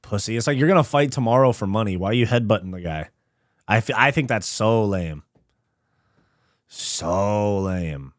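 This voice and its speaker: A man's voice: on the low side, expressive, fast, no echo, studio quality. A man from California, hosting a live fight watch party in a casual, slangy and profane way. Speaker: host.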